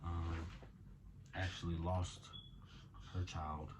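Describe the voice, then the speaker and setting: Young dad vlogger, worn out and rambling, lowish voice, noisy home recording. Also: male voice, flat delivery, very slow. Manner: rambling, soft-spoken, talks to his toddler in between. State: exhausted, tired. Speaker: video diary host. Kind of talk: casual video diary. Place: home at night.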